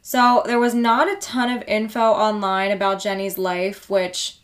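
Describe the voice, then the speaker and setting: A woman's voice: mid-range voice, little pitch movement, measured pace. Frank, chatty woman co-hosting a podcast. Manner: chatty, frank, swears casually. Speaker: podcast co-host. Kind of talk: casual chat.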